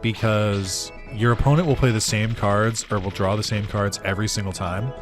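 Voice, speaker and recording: A man's voice: on the low side, fairly even intonation, moderate pace, over music. A man doing casual let's-play commentary for his gaming channel, rambling with lots of fillers and chuckles. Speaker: gaming YouTuber.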